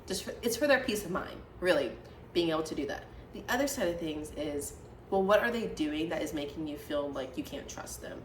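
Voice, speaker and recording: A woman's voice: sits low, expressive, a little fast, recorded from a distance. A young woman co-hosting a podcast in casual chat, chatty and opinionated, often breaking into laughter. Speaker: podcast co-host. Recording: roomy echo, off-mic, light room noise.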